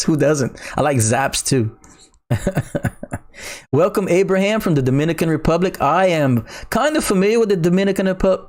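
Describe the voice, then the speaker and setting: A middle-aged man from Louisiana with a Cajun accent, chatting casually on a crypto livestream, reading viewer comments in an excitable, slangy way. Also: mid-range voice. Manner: excitable, laughing, slangy, says "bruh".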